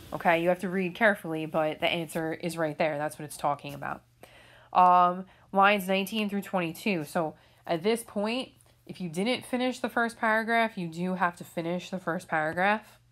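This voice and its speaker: A woman teacher walking students through reading questions in a recorded lesson, patient and explanatory, often checking in with "okay?". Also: on the low side. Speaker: English teacher. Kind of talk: recorded remote lesson walkthrough.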